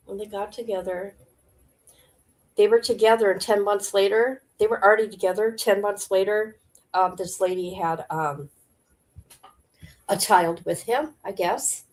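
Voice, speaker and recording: A woman's voice: mid-range voice, fairly even intonation, measured pace, pauses often. A woman hosts a casual livestream with an everyday mid-range voice. She chats loosely and speaks straight to her viewers. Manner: chatty, addresses viewers directly. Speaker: livestream host. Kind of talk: casual gossip commentary.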